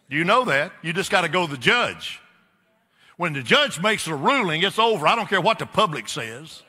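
In an echoey church sanctuary, a man preaches a sermon emphatically and repetitively, often turning to question the congregation. His voice is high-pitched, bright, husky and forceful.

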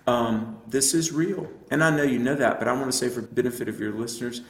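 A man's voice: medium pitch, steady tone, fast talker, roomy sound. A man who is an evangelist, telling his personal faith story in an earnest, reflective way with frequent fillers. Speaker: evangelist and apologist guest. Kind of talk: personal testimony in a radio interview.

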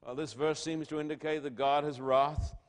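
A man preaching a sermon to his congregation, asking rhetorical questions and swinging between loud declarations and hushed lines. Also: a little high, steady tone, moderate pace. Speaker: pastor.

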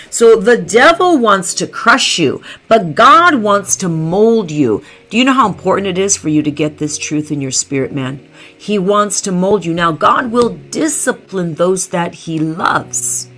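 A woman's voice: mid-range voice, a bit bright. A woman preaching a sermon, repeating key phrases and checking in with her listeners.

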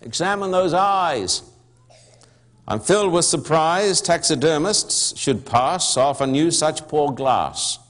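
A preacher reading aloud as a pompous young man who is sure he knows best, lecturing with indignant fussiness. He speaks slowly in a fairly high voice. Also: expressive, a bit bright. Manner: indignant, lecturing, know-it-all. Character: pompous young man, self-styled owl expert.

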